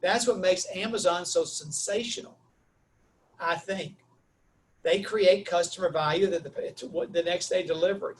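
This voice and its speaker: High-voiced man. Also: moderate pace. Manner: lively, acts out quoted dialogue, Southern "y'all". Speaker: webinar speaker. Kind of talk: animated storytelling talk.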